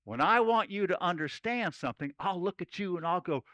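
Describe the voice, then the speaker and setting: Folksy high-voiced man addressing kids. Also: expressive, brisk, dry recording, rough recording. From Oregon. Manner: folksy cowboy storyteller, playful and loud with children. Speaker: camp speaker. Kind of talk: lively kids' camp chapel talk.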